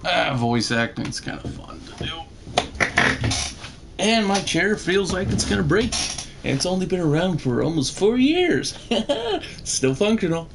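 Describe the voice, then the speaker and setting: A man's voice: sits high, very animated, unhurried, gravelly, pauses often, noisy background. A man giving casual, rambling gameplay commentary, swearing freely and laughing often. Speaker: gamer, channel host.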